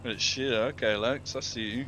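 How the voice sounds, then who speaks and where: A man's voice: medium pitch, fairly even intonation, moderate pace, a bit bright, lo-fi sound. A British man in casual roleplay chat, laid-back and swearing, teasing his friends. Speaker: streamer playing a roleplay character. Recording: noisy game stream with traffic. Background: car and street noise.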